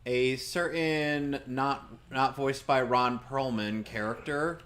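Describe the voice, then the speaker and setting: A man chats through a video game playthrough in a casual, wry way. His humor runs sarcastic and dry, and his voice sits at an ordinary middle pitch. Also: fairly even intonation, takes it slowly, fairly bright tone. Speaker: gameplay commentator. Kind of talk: casual let's-play chat.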